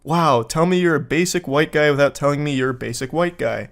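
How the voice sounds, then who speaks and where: A man giving comedic commentary on text messages, with dry, sarcastic, deadpan asides. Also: fairly high pitch, a little fast, creaky. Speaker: YouTube commentator.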